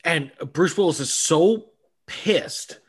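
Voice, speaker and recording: A man co-hosting a casual film podcast, talking in an animated way, swearing a lot and acting out scenes with many restarts. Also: a little high, takes it slowly, slightly rough. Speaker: podcast co-host. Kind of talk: casual chat about films.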